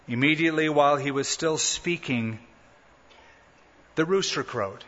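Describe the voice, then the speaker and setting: A man with a bright, slightly high voice preaches a sermon, explaining things conversationally and tossing in rhetorical questions and humorous asides. The recording is muffled and lo-fi, with a long reverb trailing through a large church sanctuary. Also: expressive, normal speed, pauses often. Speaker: pastor. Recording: dull lo-fi sound with long hall reverb.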